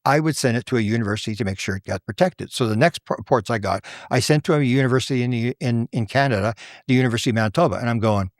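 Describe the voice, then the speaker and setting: An older guest researcher with a medium-pitched voice races through stories in a casual chat, animatedly acting out the voices of people he quotes. The studio sound is clean, with no room reverb.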